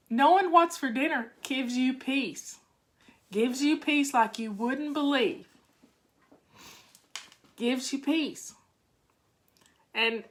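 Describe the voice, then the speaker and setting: Her voice sits high and comes across pushed and bright. An older woman who vlogs on home organizing, she's in a casual live chat, folksy and talkative, answering what viewers say.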